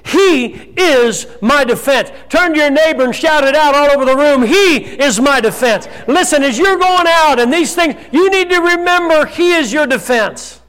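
A male pastor preaching a sermon to his church, breaking into shouts and then dropping to quieter scripture reading. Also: very high voice.

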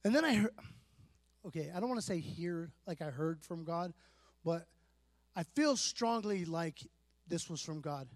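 High-voiced man giving a casual church testimony. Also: animated, unhurried, long pauses, no room sound. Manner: conversational, self-deprecating, full of fillers and restarts. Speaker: church speaker sharing a testimony.

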